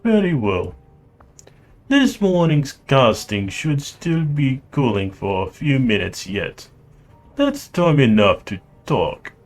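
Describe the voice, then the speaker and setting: A man voicing a pleasant, cultured mechanic with a light Russian accent, polite and measured. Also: medium pitch, big pitch swings, voice pushed up.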